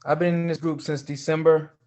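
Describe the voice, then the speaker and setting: A man's voice: fairly high pitch, flat delivery, a little fast, darkish tone. A man speaking up as a group member on a casual livestream, earnest and emphatic, repeating his key points.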